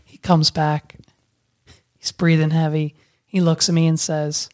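A young adult woman hosting a casual podcast, chatty and quick to tell stories, swearing freely. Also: deep voice, flat delivery, darkish tone. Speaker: podcast host.

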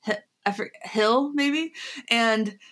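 A woman's voice: on the high side, takes it slowly. Giggly woman co-hosting a podcast. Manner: giggly, animated storytelling with many fillers. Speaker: podcast co-host. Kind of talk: casual chat.

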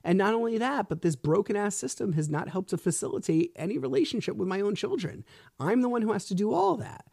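A man's voice: high voice, expressive, quick pace, creaky, darkish tone, breathy edge, dry recording, clean studio sound. A man in his thirties hosting a solo podcast, telling a personal story bluntly with plenty of swearing. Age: 30s. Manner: blunt and profane, retelling events with heat. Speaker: podcast host. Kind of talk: casual solo storytelling monologue.

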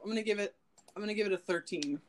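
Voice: mid-range voice, racing. A podcast co-host with a mid-range voice, speaking in candid, chatty casual talk. The delivery is loose and peppered with "like". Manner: chatty, candid, uses filler "like". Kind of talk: casual chat.

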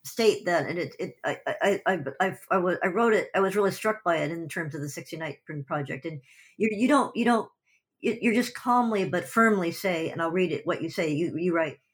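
Interviewer, husky breathy voice, eager, stammers into questions. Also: medium pitch, animated, a little fast.

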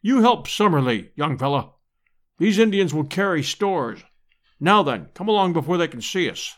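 A man's voice: a little high, sing-song, moderate pace. A man reading an audiobook and voicing a hearty, blunt aristocratic English hunter with clipped slang. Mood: urgent. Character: bluff aristocratic English hunter, male, middle-aged.

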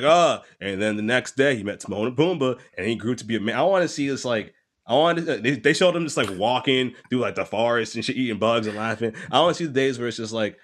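A man's voice: mid-range voice, fairly bright tone. A man talking openly and casually, rambling a little, swearing and laughing often. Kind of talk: casual podcast chat.

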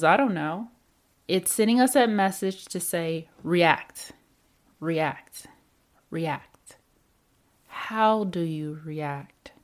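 A woman giving a reflective self-help talk about anger, with repeated emphatic phrases and rhetorical questions. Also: medium pitch. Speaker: speaker on anger and emotions.

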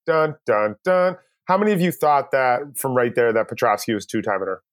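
A man's voice: medium pitch, expressive, fairly quick, no echo. Teasing male podcast co-host. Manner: leads topics, teasing questions to listeners. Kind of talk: casual chat.

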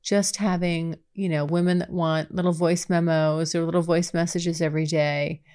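A woman hosting a podcast, reading listener questions and answering them in a candid, chatty way, with breathy exclamations and frequent restarts. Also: lowish voice, little pitch movement, normal speed, a little mellow. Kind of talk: casual chat.

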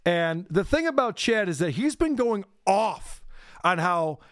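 A man's voice: sits high, sing-song, measured pace, fairly bright tone, no echo, clean studio sound. A man hosting a podcast, chatting casually and joking sarcastically. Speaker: podcast host.

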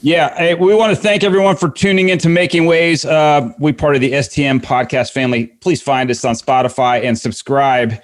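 A man's voice: fairly high pitch, fairly even intonation, fairly quick, hardly any pauses. A man hosting a podcast, chatting casually with a guest and wrapping up the show. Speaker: podcast host. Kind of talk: casual interview chat.

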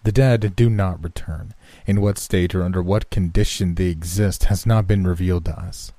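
Male narrator voicing a stiff, skeptical chaplain; low and dry. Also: steady tone, moderate pace, warm tone, no echo. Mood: dismissive.

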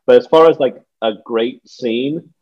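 A man co-hosting a podcast chat about a film. He rambles through his points with plenty of "like" and breaks into laughter along the way. His voice sits at a middle pitch, and the recording sounds a little dull and lo-fi. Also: unhurried. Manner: rambling, many "like" fillers, laughs often. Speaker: podcast co-host. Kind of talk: casual movie discussion.

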